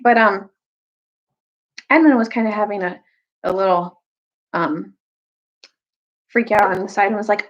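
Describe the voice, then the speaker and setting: Brief: young woman, storytime reader, lively kid-friendly delivery, slightly muffled lo-fi sound. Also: a little slow, long pauses. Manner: animated, jumps high for quoted characters. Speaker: storyteller reading aloud to children. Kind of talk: casual storytime recap and read-aloud.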